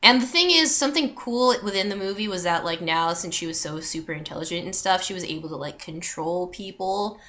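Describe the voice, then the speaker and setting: A woman's voice: on the low side, brisk, hardly any pauses, pushed and bright. A young woman ranting in a vlog, exasperated and full of fillers and swearing. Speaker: vlogger. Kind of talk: movie rant vlog.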